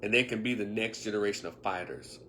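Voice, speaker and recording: A man's voice: on the low side, fast, pushed and bright, a little hiss or hum. A man in his fifties talking casually on a livestream, emphatic and preachy, with sarcastic remarks and muttered asides. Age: 50s. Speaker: online commentator. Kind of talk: casual livestream opinion talk.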